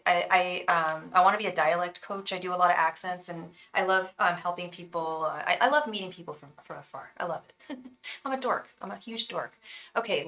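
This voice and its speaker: A young woman giving live tarot readings, chatting effusively with many ums and restarts and softly repeating incantations. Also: medium pitch, low-quality recording. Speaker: tarot reader and psychic.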